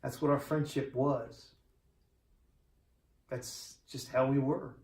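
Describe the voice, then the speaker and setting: A man in his forties stands in a church and gives a eulogy for a dear friend. His voice sits at an ordinary middle pitch, and he tells the story in a quiet, heartfelt, conversational way. The sanctuary adds a roomy echo to every word. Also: steady tone, takes it slowly. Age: 40s.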